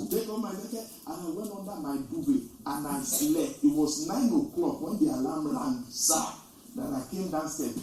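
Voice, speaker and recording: A man's voice: high voice, dark tone. A man preaching a sermon, telling stories and repeating his key lines with rising emphasis. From Nigeria. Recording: echoey, distant from the mic.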